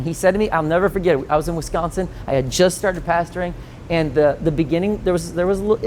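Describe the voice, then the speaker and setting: A man in his forties, a pastor teaching a conference session, telling stories with lively acted-out quotes and frequent laughter. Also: sits high, fast talker, slight background noise. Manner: animated storytelling, acts out quoted voices, laughs often.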